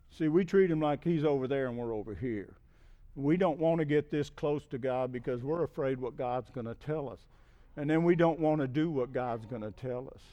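A middle-aged man preaching a conversational sermon as a guest speaker, often checking in with "okay?" and building to emphatic, loud peaks. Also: mid-range voice, highs cut off. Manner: repeats "okay?" to check in with listeners.

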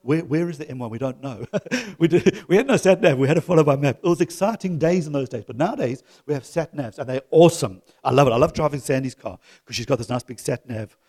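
A middle-aged man preaching a sermon to his church, swinging from loud exhortation to soft, chuckling asides. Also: fairly high pitch, lively intonation, quick pace, hardly any pauses, slightly rough. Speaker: pastor.

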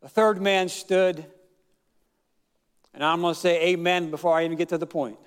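A male pastor preaching a sermon, telling a story with fillers, drawn-out words and shouted emphasis. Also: a little high, fairly even intonation, clean tone, in a large hall.

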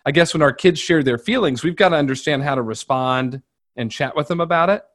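A man's voice: a little high, a little fast. A middle-aged man hosting a podcast interview, chatting easily and sharing stories about his daughter in a reassuring way. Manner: conversational, shares personal anecdotes, reassuring. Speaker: podcast host.

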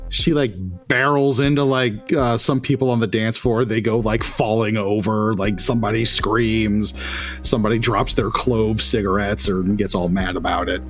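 A man narrates a tabletop role-playing game as game master, talking loosely with plenty of fillers and restarts. His voice is fairly low. Faint music plays quietly underneath. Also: steady tone, moderate pace.

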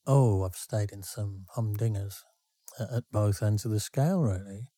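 Brief: male podcast co-host, mellow, loose self-interrupting storyteller. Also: on the low side, normal speed, no room sound. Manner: rambling, self-interrupting anecdotes. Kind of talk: casual storytelling.

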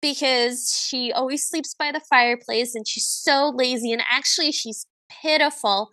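A young woman co-hosting a casual podcast, talking in a high, bright voice and recapping a film with lively energy. She keeps slipping into quoted lines as she goes, and her voice sounds close and dry. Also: normal speed, dry recording. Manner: animated, acts out quoted lines. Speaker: podcast co-host.

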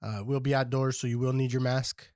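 A man's voice: mid-range voice, level tone, brisk, darkish tone, no echo, studio quality. A man in his thirties co-hosting a podcast in casual, profane chat, rambling and chatty, with apologetic interjections. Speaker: podcast co-host.

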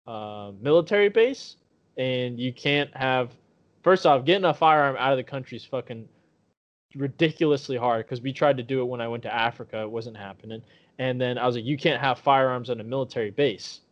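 A man co-hosting a podcast, telling a profane story and acting out the voices of the people in it. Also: medium pitch. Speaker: podcast co-host. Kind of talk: casual storytelling chat. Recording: dull lo-fi podcast audio.

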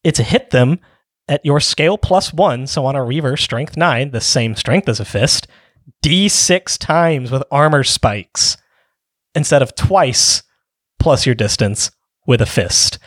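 A man's voice: mid-range voice, animated, slow pace, no echo, studio quality. A man co-hosting a casual tabletop gaming podcast, walking through rules step by step with frequent ums. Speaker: podcast co-host.

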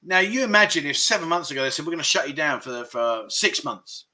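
A man's voice: fairly high pitch, expressive, brisk, sharp tone. A man hosting a casual livestream chat, reading out viewer comments and chatting about them. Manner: chatty, reads out chat comments, frequent fillers. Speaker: livestream host.

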